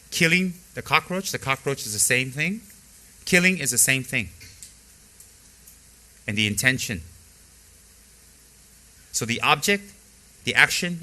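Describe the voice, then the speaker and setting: A middle-aged man teaches dharma in a bright, forceful voice of ordinary pitch. He leans on repetition to drive points home and slips easily into frank stories about his own practice. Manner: emphatic, repeats key phrases for stress; candid personal storytelling. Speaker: Buddhist teacher.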